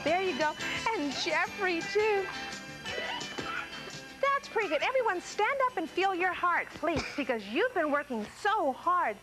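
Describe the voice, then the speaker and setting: High-pitched lady hosting a kids tv show, cheery and coaxing, music playing behind. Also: big pitch swings, a little slow, low-quality recording. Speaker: children's TV show host. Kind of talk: talking to young children.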